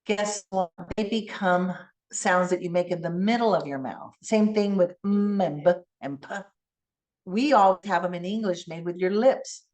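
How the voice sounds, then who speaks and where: A middle-aged woman giving a conference keynote, teacherly and animated, coaching the audience through speech sounds. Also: lowish voice, unhurried. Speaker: keynote speaker.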